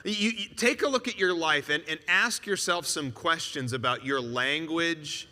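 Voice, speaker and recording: A man preaching a sermon, animated and asking rhetorical questions with joking asides. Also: a little high, unhurried, in a large hall.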